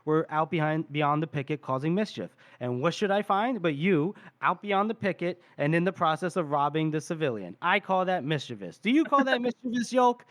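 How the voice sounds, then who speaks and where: A man's voice: a little high, lively intonation, normal speed, few pauses, a bit bright. A man doing a sly, mocking army corporal. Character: bossy scheming male army corporal.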